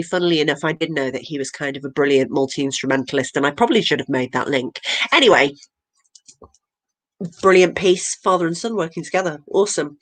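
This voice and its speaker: A woman's voice: low voice, a bit bright. A British woman hosting an online comedy night, talking in a rambling, hesitant way with lots of filler words over a home video call. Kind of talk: casual live-stream hosting.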